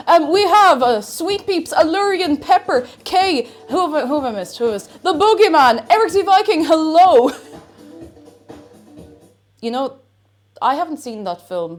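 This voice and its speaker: A woman streaming live, chatting casually and bubbly, loudly greeting her chat and chanting playfully. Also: high-pitched.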